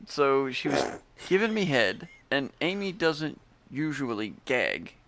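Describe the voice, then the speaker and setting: A man in his thirties co-hosting a podcast, telling a story in a profane, deadpan way. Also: medium pitch, takes it slowly, dry recording. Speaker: podcast co-host. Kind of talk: casual storytelling chat.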